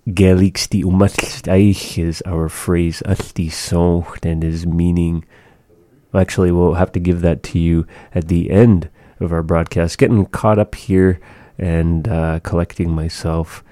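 A man hosting a radio language lesson, pronouncing phrases slowly and carefully. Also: deep voice, little pitch movement, mellow, no room sound. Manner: slow, careful pronunciation of phrases. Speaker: radio host teaching a language.

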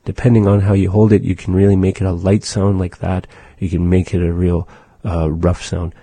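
A man teaching a language lesson, patiently explaining and slowly demonstrating how sounds are made. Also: low-pitched, flat delivery, dark tone, husky, dry recording.

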